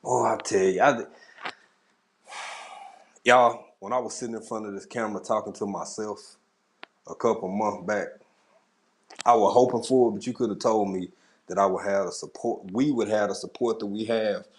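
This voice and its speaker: A man's voice: fairly low pitch, fairly even intonation, a little fast, slight background noise. A man hosting a casual livestream, greeting viewers in the chat one by one in a laid-back way. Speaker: livestream host. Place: home at a camera.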